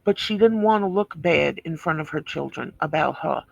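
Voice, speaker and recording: A woman's voice: sits low, animated, normal speed, vocal fry, breathy edge, dry recording, lo-fi sound. A woman giving blunt, scornful commentary over video footage, swearing freely and sounding indignant. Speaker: reaction video host.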